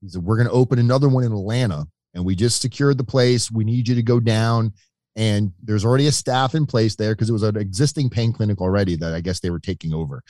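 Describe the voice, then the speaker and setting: A man's voice: lowish voice, fast, no echo, clean studio sound. A middle-aged man, a podcast guest telling his own story and acting out the voices of the people in it. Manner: animated storyteller, acts out quoted voices. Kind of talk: storytelling in an interview.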